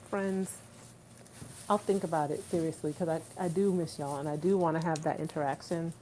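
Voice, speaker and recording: A woman's voice: sits low, normal speed, poor audio. Woman, casual livestream chat, laughs a lot, home kitchen, phone on the counter, faint background hiss. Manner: chatty, warm-hearted, laughs often, talks to viewers directly. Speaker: vlogger hosting a livestream. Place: home kitchen, rain outside. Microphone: phone set on the counter.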